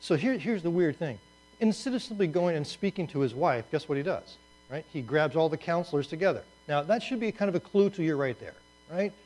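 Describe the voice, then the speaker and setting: A man's voice: a little high, lively intonation, a little fast, a little mellow, rough recording. A man teaching a Bible class in a conversational way, asking rhetorical questions and adding asides.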